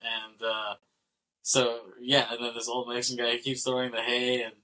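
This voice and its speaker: A man's voice: medium pitch, flat delivery, normal speed, bright, forceful tone, low-quality recording. A man co-hosting a film podcast, casually retelling scenes with lots of fillers, laughter and quoted lines. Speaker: podcast co-host.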